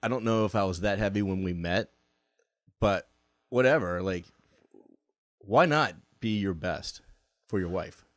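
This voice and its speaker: A man's voice: deep voice, unhurried, long pauses, no echo. A middle-aged man from Virginia, chatting as a podcast guest, rambling with many fillers and restarts. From Virginia, USA. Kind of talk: casual chat.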